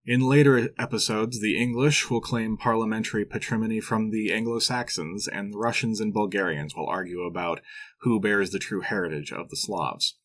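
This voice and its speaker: A man's voice: fairly low pitch, fairly bright tone. A man hosting a history podcast, narrating from a script with dry, wry asides. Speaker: podcast host.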